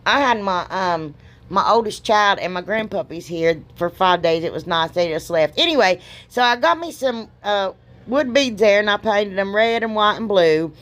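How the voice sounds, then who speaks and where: Expressive and a bit bright, the medium-pitched voice of this middle-aged woman moves at normal speed. She hosts a craft video with casual narration that rambles, pokes fun at herself, and bursts with folksy exclamations.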